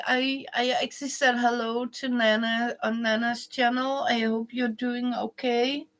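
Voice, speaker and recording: Slow-talking, bright-voiced woman chatting. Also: fairly high pitch. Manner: chatty, rambling, with many restarts and soft whispered asides. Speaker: quilting livestream host. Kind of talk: casual live chat with viewers. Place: indoors at home, living room.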